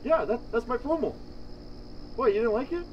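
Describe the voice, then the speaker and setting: Laid-back Canadian guy, high voice. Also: expressive, muffled recording, slight background noise. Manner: laid-back, says "bud" a lot, drawn-out promo delivery. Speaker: guest. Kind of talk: casual podcast banter.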